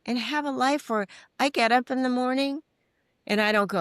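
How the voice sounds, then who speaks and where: A middle-aged woman, a guest in a podcast interview, telling frank stories with animated acted-out voices and casual swearing. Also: a little high, normal speed, smooth, no room sound, studio quality. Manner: animated storytelling, acting out quoted voices. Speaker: guest, recovery mentor and author. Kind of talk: candid interview conversation.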